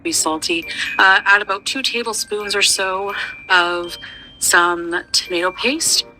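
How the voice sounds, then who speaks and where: A woman's voice: medium pitch, measured pace, sharp tone, a little hiss or hum, rough recording. A woman narrating her own cooking video, chatty and walking through each step. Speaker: cooking vlogger.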